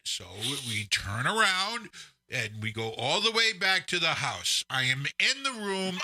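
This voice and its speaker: A man in his forties tells a story on a casual live stream and acts out what people said. His voice is bright and ringing. His pitch swings widely and sits a little high. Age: 40s. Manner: animated storyteller, acts out quotes. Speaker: podcast co-host.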